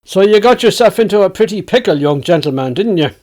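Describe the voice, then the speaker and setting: A man with a Dublin accent voicing a blunt, mocking young sailor held as a galley slave, pitched higher and quicker than his own voice. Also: animated, a little mellow. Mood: teasing.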